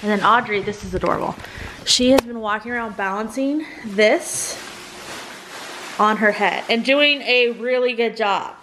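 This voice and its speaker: A young woman chatting on a casual family vlog, animated and gushing, often laughing. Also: on the high side, moderate pace, noisy background. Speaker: family vlogger.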